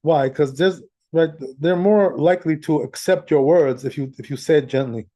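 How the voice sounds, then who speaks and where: Relaxed male rabbi teaching, conversational and a bit higher-pitched. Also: moderate pace. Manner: conversational, sprinkles in "right?" and "you know", chuckles often. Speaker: rabbi teaching Jewish law. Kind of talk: casual Torah class.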